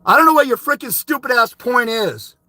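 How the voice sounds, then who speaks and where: Angry shouting man with a bright voice. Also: very high-pitched, expressive, fairly quick, dry recording. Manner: angry, insulting, shouting bursts. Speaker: livestream host answering viewer comments. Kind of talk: angry livestream rant.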